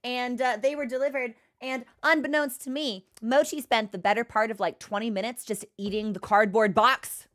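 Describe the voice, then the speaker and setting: Woman streamer, casual rambly chat, slightly high voice. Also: fairly even intonation, a bit bright. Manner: chatty, rambling, quick to laugh.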